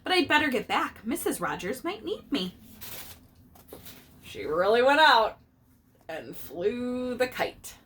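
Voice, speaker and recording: Lively woman reading a storybook aloud. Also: on the high side, slow pace, pauses often. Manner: lively, explains idioms, voices characters. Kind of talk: reading a picture book aloud for remote school.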